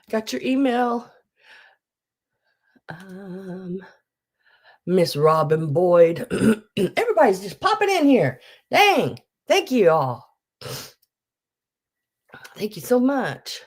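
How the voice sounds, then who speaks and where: A middle-aged woman, groggy from just waking up, hosts a live online sale, rambling casually and greeting viewers by name. Her medium-pitched voice swings widely in pitch, and she takes it slowly, pausing often.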